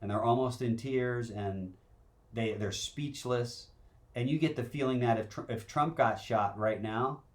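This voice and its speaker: A man's voice: mid-range voice, unhurried. A man co-hosting a talk show, chatting casually and laughing often. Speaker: co-host.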